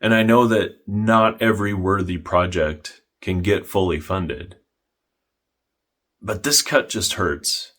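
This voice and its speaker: A young man narrating a history vlog in a dry, deadpan style. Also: low voice, slow. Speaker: history vlogger.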